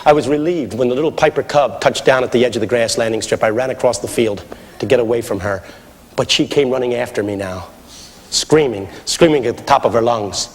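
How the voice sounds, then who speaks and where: A middle-aged man preaching a sermon, swinging from shouted appeals to hushed storytelling. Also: medium pitch, fast, big-room sound.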